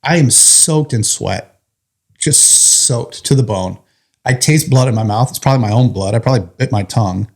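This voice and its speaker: At a moderate pace and medium pitch, a firefighter guest recounts his own story with candor and vivid detail, speaking plainly and swearing bluntly.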